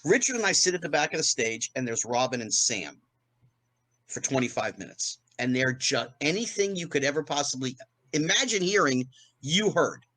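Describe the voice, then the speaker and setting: A man in his fifties from New Jersey, a guest in an interview, telling a fast anecdote and acting out the quotes with big jumps in pitch. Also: lively intonation, bright, forceful tone, dry recording. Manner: fast storytelling with acted-out quotes, rising pitch on punchlines. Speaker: guest, former child actor.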